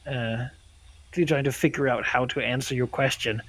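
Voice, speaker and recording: A man's voice: medium pitch, normal speed, a bit bright, slightly rough, poor audio. A man running a tabletop game as game master, narrating casually with many fillers.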